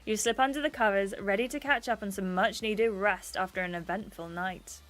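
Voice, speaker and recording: A woman's voice: medium pitch, normal speed, fairly bright tone. A young woman streamer reading game text aloud and adding playful, chatty asides. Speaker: gaming streamer.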